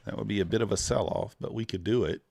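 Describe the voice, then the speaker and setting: Brief: young man, very low voice, sleepy and laid-back, dry close mic, live trading stream. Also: quick pace, vocal fry, darkish tone, breathy edge, dry recording. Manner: laid-back, drawling, greets chat viewers. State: tired, yawning. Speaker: futures trader streaming live. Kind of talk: casual live-stream commentary.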